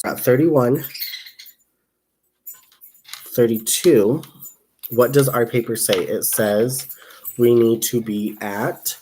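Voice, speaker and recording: A man's voice: mid-range voice, takes it slowly, darkish tone, slight background noise. A young man hosting a casual crochet livestream, chatting in a rambling way, reading viewer comments aloud and counting stitches under his breath.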